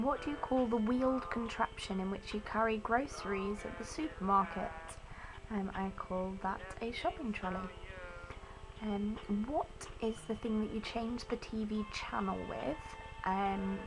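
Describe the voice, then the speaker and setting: A woman's voice: medium pitch, low-quality recording. A young woman from Norwich, sick with a cold, chatting hesitantly through a challenge video with lots of ums. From Norwich, England. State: ill with a cold. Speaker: vlogger. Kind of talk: casual accent challenge video.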